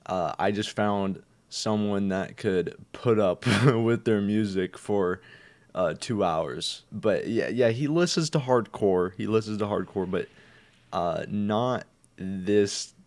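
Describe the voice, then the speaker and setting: A man's voice: on the low side, takes it slowly, darkish tone. A young man who just woke up, chatting casually and rambling with lots of fillers and swearing. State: just woken up. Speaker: vlogger. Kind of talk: casual chat.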